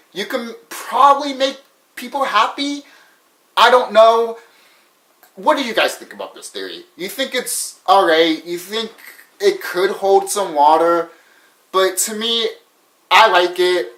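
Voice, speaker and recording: A young man rambles through a fan theory for his viewers, stumbling and restarting as he goes. His voice sits a little high. The room around him rings with echo. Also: a bit bright. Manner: rambling, stuttering and restarting, says so himself. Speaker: vlogger sharing a fan theory. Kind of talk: casual rambling talk to camera.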